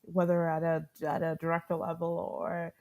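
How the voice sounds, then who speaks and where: Woman in an interview, low-ish voice, tells stories and does the voices of people in them, says "right?" a lot. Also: moderate pace. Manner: animated storyteller, acts out quoted dialogue, frequent "right?" tags and laughs. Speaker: guest, product management director. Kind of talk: conversational interview storytelling.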